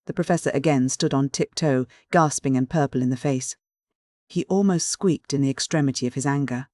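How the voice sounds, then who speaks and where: Audiobook narrator, clear and measured, mid-pitched voice, dry close sound. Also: dry recording. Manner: clear, even, measured reading. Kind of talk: scripted literary audiobook narration.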